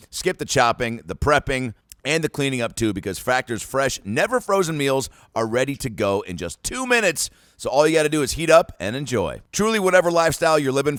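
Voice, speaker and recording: A man's voice: medium pitch, fairly bright tone, no room sound, clean studio sound. A man hosting a podcast, asking questions and reading ads in a jokey, upbeat way. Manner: jokey, upbeat, quick to riff. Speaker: podcast host. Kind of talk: casual interview chat and ad read.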